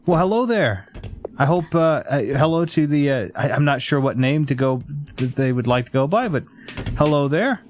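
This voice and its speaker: A man's voice: fairly high pitch, expressive, normal speed, slight background noise. A man giving casual let's-play commentary, chatty and laughing often as he thinks aloud at the desk mic. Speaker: gameplay streamer. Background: background music.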